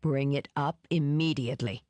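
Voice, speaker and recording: A woman voicing a vain, cruel older male villain with a smooth, genteel voice that turns icy. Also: low-pitched, no echo, natural voice. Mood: cold command. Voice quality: smooth, warm then icy. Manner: slow, menacing, genteel.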